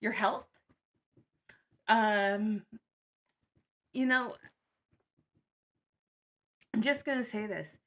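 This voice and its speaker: A woman's voice: mid-range voice, fairly even intonation, very slow, long pauses, a bit bright, dull audio. A woman vlogger in casual chat, blunt and sarcastic.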